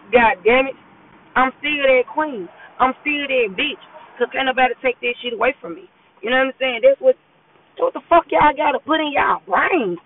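A woman's voice: high-pitched, a little hiss or hum. Woman, casual motivational talk, blunt and profane, recorded in a car, tinny phone-like sound. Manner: profane, blunt, repeats "you know what I'm saying". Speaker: podcast host. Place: in a car while driving. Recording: tinny phone-quality voice message.

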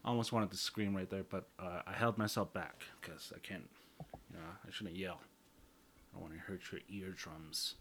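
A man hosts his own podcast in a loose, rambling chat. His voice sits a little low, and he swears casually. He keeps drifting off topic and poking fun at himself. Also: unhurried, pauses often. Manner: rambling, profane, self-mocking jokes. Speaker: podcast host.

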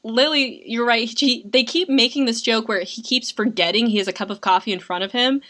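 A woman's voice: fairly high pitch, fairly quick, a bit bright. A young woman co-hosting a casual film recap, chatty and sarcastic with lots of filler words. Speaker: podcast co-host.

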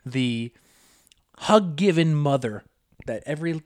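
A man's voice: fairly high pitch, expressive, slow, dry recording, studio quality. Young man chiming in on a podcast. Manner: chiming in, playful, stumbles over words. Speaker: podcast co-host. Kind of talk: casual podcast chat.

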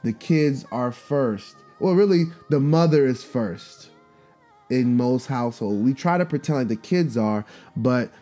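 A man's voice: mid-range voice, lively intonation, unhurried, mellow, faint music behind. A man in his thirties hosting a casual solo podcast, talking candidly and rambling, with lots of fillers, restarts, casual swearing and laughter at his own stories. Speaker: podcast host.

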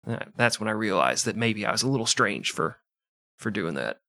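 A man from the American Midwest co-hosting a comedic history podcast, telling the story with deadpan, crude tangents. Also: on the low side, fairly quick, vocal fry, dry recording.

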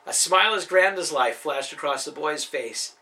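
A man narrating a storybook audiobook in an expressive, animated reading. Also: on the high side, normal speed.

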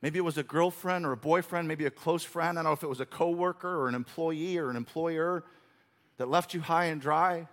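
Male pastor, high-pitched, earnest and emphatic sermon delivery. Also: brisk, a bit bright. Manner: earnest preaching with emphatic repetition.

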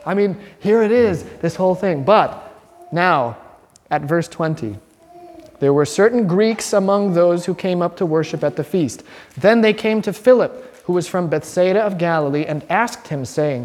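A man, a priest, giving an informal, lively sermon in a church and telling the stories animatedly. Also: on the high side, normal speed. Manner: conversational, animated storytelling. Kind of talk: informal sermon and Bible study. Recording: long hall reverb.

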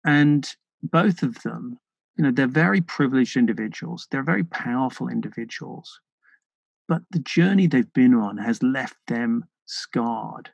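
A British man speaking as a podcast guest, earnest and thoughtful, often pausing and restarting his sentences. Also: medium pitch, creaky, slightly rough, no room sound, muffled recording. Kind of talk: reflective interview conversation.

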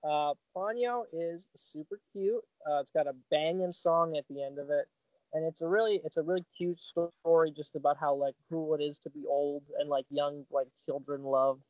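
A man's voice: fairly high pitch, steady tone, moderate pace, darkish tone, dry recording. A man in his twenties co-hosting a podcast in casual chat, playful and jokey. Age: 20s. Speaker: podcast co-host. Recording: dull, dry podcast mic audio.

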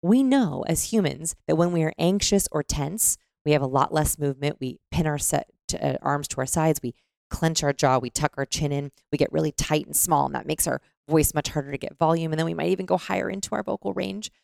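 Low, gravelly-toned woman, animated podcast explainer, dry close sound. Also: brisk, no room sound. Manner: animated, demonstrates voices mid-explanation.

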